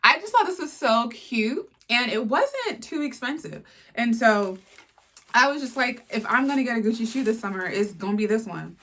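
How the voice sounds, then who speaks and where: A woman in her twenties chatting casually and excitedly as she unboxes shoes, full of playful asides and filler words. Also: a little high, normal speed. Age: 20s. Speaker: fashion vlogger.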